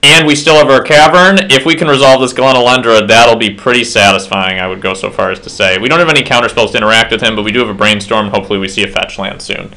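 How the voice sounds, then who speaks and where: A man's voice: mid-range voice, steady tone, fast talker, hardly any pauses, pushed and bright. Tipsy man rambling through game commentary. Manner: rambling, self-deprecating asides. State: slightly tipsy. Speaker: player commentating his own match.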